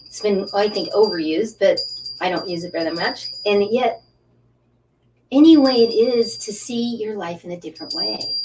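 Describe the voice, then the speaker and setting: A middle-aged woman hosting an angel card reading live stream, talking in a gushing, halting way with repeated words, sometimes dropping to a breathy whisper while guiding breathing. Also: mid-range voice, over music. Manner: soft, breathy at times, drops to whispers during breathing guidance. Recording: slightly distant mic with faint background hiss.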